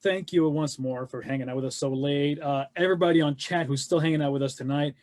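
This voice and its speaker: A man's voice: a little high, steady tone, fast talker, darkish tone. A man hosting a casual webcast, rambling and repeating himself as he thanks the audience. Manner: rambling, repeats words when wrapping up. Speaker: host. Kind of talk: casual chat.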